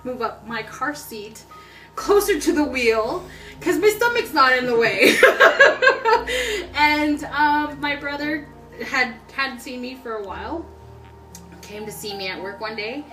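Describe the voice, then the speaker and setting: A young woman telling her story in a casual interview, chatty and excitable, laughing often. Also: high voice, takes it slowly, far from the mic. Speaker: customer giving a testimonial. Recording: roomy sound from off-mic with background music.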